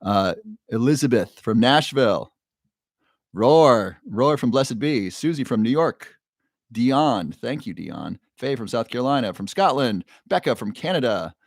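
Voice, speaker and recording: A man's voice: mid-range voice, expressive, normal speed, gravelly, no echo, clean studio sound. A man hosting a live stream on health, chatting casually and reading viewers' names and questions from the chat aloud. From Ohio. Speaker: livestream host.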